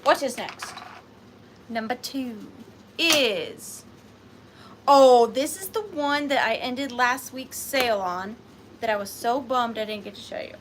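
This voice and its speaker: A middle-aged woman who talks fast and gushes as she hosts a live antique-selling vlog. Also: on the high side, a little hiss or hum. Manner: chatty and gushing, talks fast. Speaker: online antique seller.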